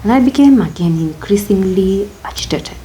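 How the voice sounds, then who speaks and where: A woman's voice: medium pitch, lively intonation, normal speed, dark tone, a little hiss or hum. A young woman with a Kenyan accent, telling her own story as an interview guest, candid and reflective, slipping Swahili phrases into her English.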